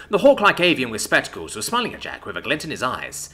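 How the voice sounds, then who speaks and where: A man narrating a story in an expressive, storytelling manner. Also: mid-range voice, quick pace, hardly any pauses. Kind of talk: scripted narration.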